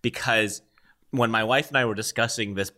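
A man co-hosting a casual podcast chat, telling animated stories with laughs. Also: on the low side, moderate pace. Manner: animated storytelling with voices and laughs. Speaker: podcast co-host.

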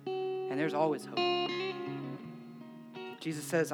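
A pastor preaching a sermon and leading a closing prayer, moving between impassioned preaching and soft, intimate prayer. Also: male voice, on the high side, fairly even intonation, takes it slowly, long pauses. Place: church service with band playing. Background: live guitar music.

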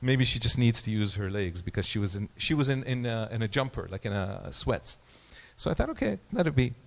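A man's voice: on the low side, a little fast, vocal fry, a bit bright. A man preaching a sermon as pastor, talking in a conversational way with self-deprecating asides and small stories.

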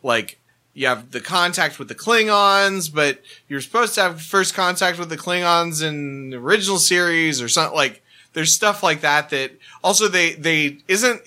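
A man with a somewhat high voice and a very bright, sharp tone chats on a casual podcast. He rambles and restarts his sentences, often correcting himself mid-thought. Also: smooth. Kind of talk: casual group chat.

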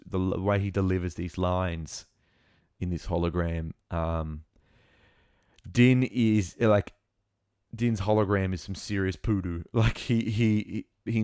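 A young man talks through a show episode with rambling excitement, stopping and restarting his sentences. His voice sits low and the sound is dry and close, with no room around it. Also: smooth, no echo. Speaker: show reviewer. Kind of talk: casual episode recap.

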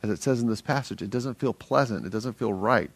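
A middle-aged man preaching a sermon as a pastor, energetic and earnest, speaking conversationally with frequent restarts. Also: mid-range voice, fairly quick, no echo.

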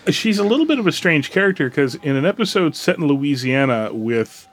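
A man's voice: fairly high pitch, very animated, fairly quick. A man co-hosting a podcast in casual chat, with a wry, joking manner. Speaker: podcast co-host.

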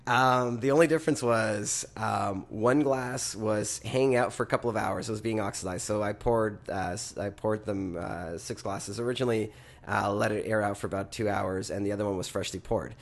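A man hosting a casual podcast chat and leading a tasting round, talking in a rambling, halting way with a self-deprecating streak. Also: fairly low pitch, steady tone. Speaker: podcast host running a blind tasting.

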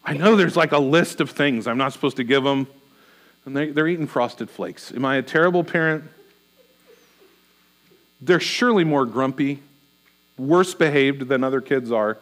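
A middle-aged male pastor with a noticeably high voice delivers a sermon. He speaks earnestly and voices anxious rhetorical questions as though thinking them aloud.

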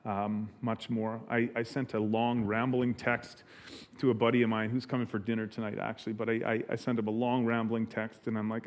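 A middle-aged man preaching a sermon, earnest and halting, often restarting his sentences. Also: on the low side, level tone. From Canada. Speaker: pastor.

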